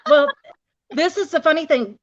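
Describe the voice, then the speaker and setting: A woman's voice: very high voice, very animated, moderate pace. A middle-aged woman in casual conversation, rambling and restarting her sentences often. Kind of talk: casual chat. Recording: dull lo-fi audio.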